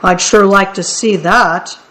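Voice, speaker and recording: A woman voicing a hungry, boastful male troll in a picture book read-aloud, with a drawn-out, greedy way of talking. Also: mid-range voice, steady tone, fairly bright tone. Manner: drawn-out, greedy, then stammering.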